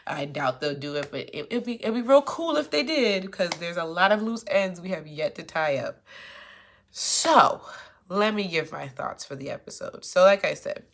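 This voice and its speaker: A woman with a low voice gives a chatty, sassy recap of a TV episode. She speaks with features and jumps into the characters' lines with lots of attitude. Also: normal speed. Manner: chatty and animated, acts out characters' lines with sass. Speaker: TV recap commentator.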